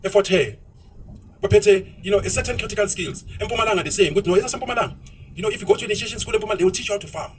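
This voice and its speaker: A man's voice: high-pitched, racing, recorded from a distance, a little hiss or hum, low-quality recording. A South African man ranting bluntly in opinionated podcast talk, switching into isiZulu phrases.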